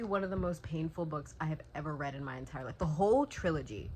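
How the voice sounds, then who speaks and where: A woman's voice: deep voice, a little fast, hardly any pauses, darkish tone, a little hiss or hum, rough recording. A young woman talking casually to her phone at home at night, worn out and teary, gushing emotionally about a book and swearing freely. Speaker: book vlogger. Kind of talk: casual vlog chat.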